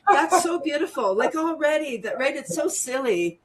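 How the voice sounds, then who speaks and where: A woman's voice: high-pitched, lively intonation, moderate pace, noisy background. A woman teaching laughter yoga as an interview guest, bubbly and laughing often as she coaches viewers through a demo over a video call. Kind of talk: guided laughter exercise demo.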